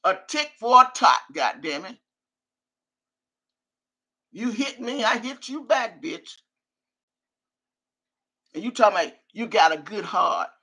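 Slow and pausing often, this older woman speaks in a mid-range voice that is bright and forceful with a breathy edge and lively intonation. As a livestream host, she reads viewer comments, then erupts into an angry rant full of profanity.

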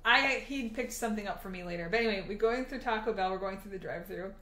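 A woman's voice: medium pitch, fast talker, echoey room. A woman co-hosting a podcast in casual chat, telling stories with plenty of swearing and acting out what people said. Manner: animated storyteller, swears freely, acts out quotes. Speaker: podcast co-host.

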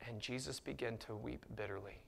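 A man preaching with passion at a middle pitch, his voice rising into emphatic bursts and then dropping to hushed asides. Now and then he slips in a dry, sarcastic jab. A faint background hum sits beneath him. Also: fairly quick, creaky. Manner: sarcastic mock voices for points. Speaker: pastor. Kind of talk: sermon.

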